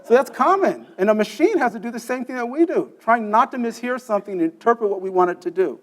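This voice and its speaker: A conference speaker with a very high voice talks at a quick pace with lively intonation. Explaining his technical topic step by step in the session room, he quizzes listeners and keeps checking in with "okay?".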